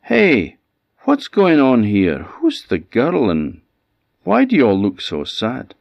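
A man putting on a high, earnest young hero. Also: huge pitch swings, moderate pace, darkish tone, dry recording. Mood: concerned. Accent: Scottish, Orkney. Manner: raised, earnest pleading. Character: kind concerned young man, eager and soft-hearted.

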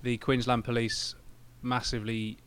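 A man's voice: medium pitch, flat delivery, normal speed, a bit bright, slight background noise. A man co-hosting a casual true-crime podcast, recounting the case with frequent ums and hesitations. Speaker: podcast co-host.

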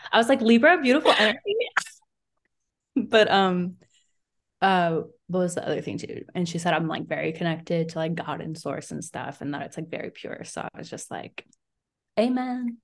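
A woman's voice: lowish voice, lively intonation, moderate pace. A woman co-hosting a podcast in casual chat, telling stories with lots of "like" and acted-out quotes. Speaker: podcast co-host.

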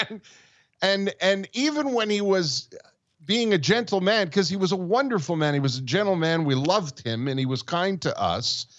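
A man's voice: high voice, lively intonation, moderate pace, a bit bright, dull audio. A man in his sixties from Montreal, co-hosting a podcast, telling rambling childhood stories and laughing along the way. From Montreal, Canada. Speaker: podcast co-host. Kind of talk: casual storytelling chat.

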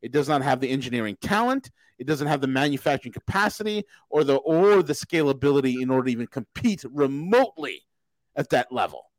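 A man's voice: medium pitch, big pitch swings, brisk, dry recording. A man hosting a podcast in a casual political rant, emphatic and repetitive, often restarting mid-sentence. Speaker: podcast host.

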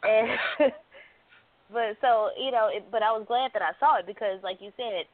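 A woman co-host in casual panel talk, hesitant and stumbling, with soft laughs. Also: fairly high pitch, moderate pace, no echo. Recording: dry phone-like audio.

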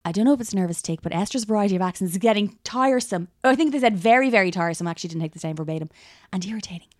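A woman's voice: mid-range voice, expressive, rapid-fire, no echo, studio quality. A woman co-hosting a podcast in a jokey, playful chat. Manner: jokey, playful, fond of silly voices. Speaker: podcast co-host. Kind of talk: casual chat.

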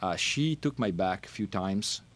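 Animated Italian-accented middle-aged man, low voice. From Italy. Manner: animated, laughing, halting non-native phrasing. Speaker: podcast guest, wine brand manager. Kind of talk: casual storytelling interview.

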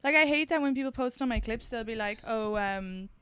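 A woman's voice: fairly high pitch, fairly quick, a bit bright. A woman podcast host with an Irish accent that mixes Dublin and country sounds, chatting loosely, swearing and joking. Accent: Irish, mix of Dublin and country. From Leixlip area, Ireland. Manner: loose, swearing, laughing banter. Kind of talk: casual podcast chat.

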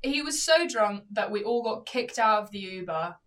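A young woman co-hosting a podcast, recalling a night out in casual chat with quick reactions. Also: mid-range voice, expressive, a bit bright, distant mic. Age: young adult. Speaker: podcast co-host.

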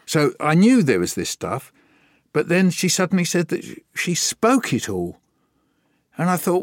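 A man's voice: fairly high pitch, very animated, fairly quick, no room sound, studio quality. An older man, a guest poet and children's author telling anecdotes in a conversational interview and acting out remembered dialogue. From Britain.

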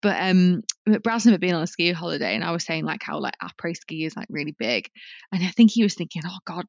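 Woman, low voice, chatty storyteller, dull lo-fi sound. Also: fast talker, dry recording. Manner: chatty, animated storytelling with laughs. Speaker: podcast co-host. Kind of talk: casual chat.

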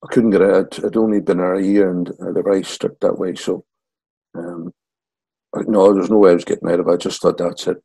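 A man in his sixties from Northern Ireland with a Northern Irish accent, telling lively stories as an interview guest. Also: deep voice, quick pace, husky, no room sound, low-quality recording. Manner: lively yarn-spinner acting out quotes. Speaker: guest, former footballer. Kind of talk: anecdotal storytelling.

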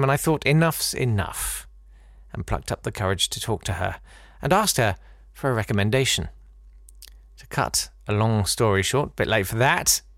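A man's voice: medium pitch, fairly bright tone, no room sound, clean studio sound. A man hosting a podcast who reads a listener's story aloud, breaking off for wry, digressive asides and theatrical readings. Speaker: podcast host.

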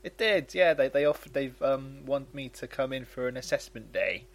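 A man in casual comedic banter, exasperated and quick to protest as co-host. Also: mid-range voice, lively intonation.

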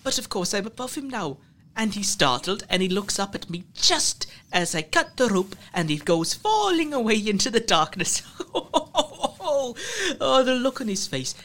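A man's voice: sits high, sing-song, moderate pace, sharp tone, voice pushed up, exaggerated voice. A man voicing a cruel, chatty trickster ranger who tells stories gleefully and slips into other people's voices. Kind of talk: audio drama acting.

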